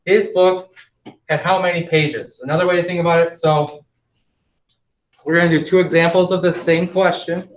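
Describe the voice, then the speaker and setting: A male math teacher giving classroom instructions, slowing down to spell out each step for students. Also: a little high, steady tone. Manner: instructive, slows down to spell out steps. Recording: echoey, distant, dull classroom recording.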